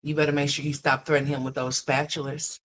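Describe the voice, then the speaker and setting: Delivering blunt, profane scolding on her commentary stream, this woman with a low voice occasionally switches to a higher pitch to mimic and mock people. She talks fast in a level tone, with slight noise in the background.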